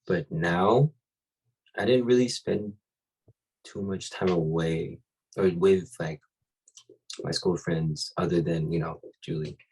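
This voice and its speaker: A young man with a very deep, husky voice talks in a laid-back, easy way. He is from Hawaii and co-hosts a casual podcast chat, often laughing as he tells his stories. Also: takes it slowly, long pauses, darkish tone, poor audio. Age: young adult. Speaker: podcast co-host.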